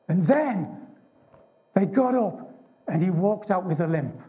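An Englishman giving an animated, emphatic testimony sermon to a men's gathering. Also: extremely high pitch, unhurried. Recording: dull lo-fi recording.

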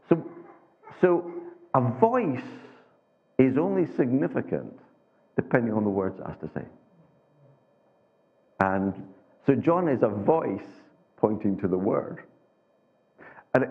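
A man delivers a sermon in a loose, conversational manner, stumbling over restarts and asking his listeners rhetorical questions. His voice is low and a little husky, and his pitch rises and falls in a lively way. The sound is thin and tinny, as if it came over a phone line. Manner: conversational, halting with many restarts and rhetorical tags. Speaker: preacher.

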